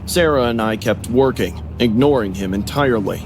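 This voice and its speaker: A man's voice: mid-range voice, normal speed, noisy background. A man narrating a scripted horror story, acting out the dialogue in raised voices. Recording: music playing under the voice.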